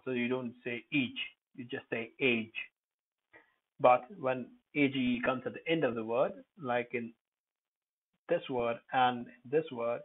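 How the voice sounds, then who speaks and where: A man talks through an English pronunciation lesson, sounding out words and wandering into side remarks with frequent pauses. His voice sits at an ordinary middle pitch. The sound is thin and narrow, like a phone line. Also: breathy edge. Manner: digressive, with many pauses and fillers.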